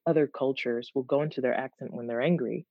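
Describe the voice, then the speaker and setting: A woman guest chatting in an interview, animated and quick to laugh. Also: a bass voice, no room sound. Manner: animated, laughs easily, restarts words. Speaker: guest, content creator. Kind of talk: casual interview chat. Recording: dull lo-fi, dry sound.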